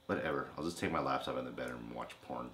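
A man's voice: rumbling low, very fast, fairly bright tone. A young man co-hosting a trailer reaction video, trading crude, teasing jokes in casual chat. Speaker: co-host of a trailer reaction channel.

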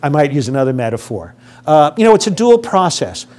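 A man's voice: a little high, sing-song, fairly quick, a little mellow. An older man giving a public lecture on grief to a live audience, speaking conversationally, asking the audience questions and acting out what grieving people say.

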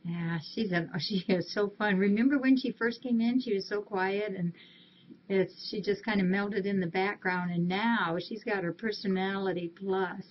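A woman's voice: mid-range voice, fairly even intonation, moderate pace. Brief: woman on a casual live stream from a cat rescue, cooing fondly at the cats over muffled audio. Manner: coos affectionately at cats. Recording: dull lo-fi stream audio, faint hiss.

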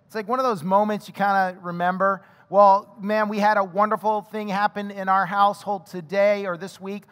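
High-voiced pastor preaching in a hall. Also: male voice, normal speed. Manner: animated, chatty, addresses the congregation with questions. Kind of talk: sermon with personal storytelling. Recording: long hall reverb.

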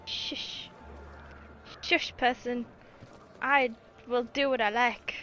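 A woman's voice: on the high side, steady tone, extremely slow, bright, forceful tone, soft background music. A woman giving casual let's-play commentary, exasperated at the game, swearing and laughing at herself. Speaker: gaming video host.

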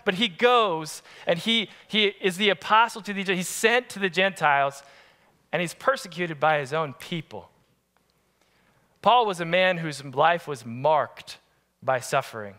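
A man's voice: on the high side, unhurried, pushed and bright. A man preaching a sermon as pastor, telling funny stories and joking with the congregation. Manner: humorous storytelling, playful asides to the congregation.

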